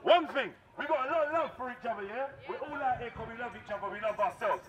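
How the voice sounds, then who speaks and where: A man, leading a crowd outdoors in loud call-and-response, shouting so everyone can hear. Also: very high-pitched, lively intonation, fast, over loud music. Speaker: community outreach leader.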